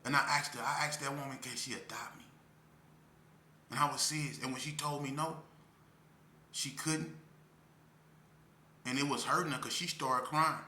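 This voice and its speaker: A man's voice: mid-range voice, fairly even intonation, normal speed, long pauses, pushed and bright, a little hiss or hum. Earnest man, emotional, echoey room. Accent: Las Vegas street speech. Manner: earnest, preaching, repeats phrases for emphasis. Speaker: speaker telling his life story. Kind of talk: emotional testimony to parents. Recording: echoey room with faint ambience.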